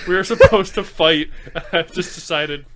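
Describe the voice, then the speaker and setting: A man's voice: a little high, unhurried, fairly bright tone. A young man co-hosting a podcast in casual chat, joking and laughing often. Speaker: podcast co-host.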